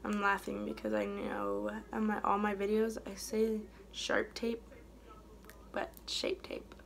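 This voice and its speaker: A young woman chatting casually while doing her makeup for a beauty vlog, rambling and trailing off softly mid-thought. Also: mid-range voice, sing-song, normal speed, creaky, slight background noise. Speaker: beauty vlogger. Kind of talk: casual get-ready-with-me chat.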